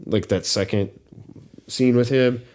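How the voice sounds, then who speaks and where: A man's voice: medium pitch, darkish tone. A man co-hosting a podcast, talking through a film in a casual, hesitant way with many restarts. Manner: hesitant, halting, lots of "like" and restarts. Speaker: podcast co-host.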